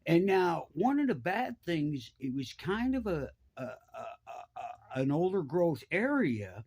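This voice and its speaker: A middle-aged man, telling a profane, animated story and jumping his voice around to act out the people in it. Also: slow pace, vocal fry, slightly rough. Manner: animated, profane, acts out voices with big pitch jumps. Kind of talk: casual storytelling.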